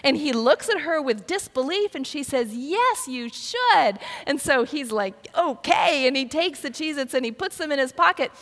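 A woman's voice: high-pitched, animated, fairly quick, hardly any pauses, a bit bright. An older woman preaching a sermon, telling a personal story and often repeating words as she restarts. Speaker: pastor. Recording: long reverb of a hall.

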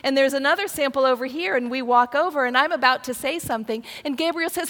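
A woman's voice: high-pitched, fast, few pauses, a bit bright. An older woman preaching a sermon, telling a personal story and often repeating words as she restarts. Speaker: pastor. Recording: long reverb of a hall.

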